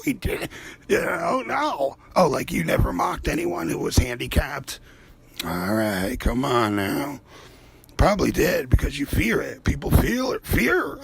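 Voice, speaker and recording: A man's voice: fairly high pitch, creaky, breathy edge. A man hosting his own art show, talking in a rambling, profane, casual monologue while he paints and drifting from one aside to the next. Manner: rambling, profane, swears freely; drifts between topics in loose asides. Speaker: artist and show host.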